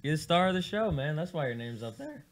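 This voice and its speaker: A man's voice: on the high side, sing-song, fast talker. Profane, teasing male radio host. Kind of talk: casual studio banter. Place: radio studio.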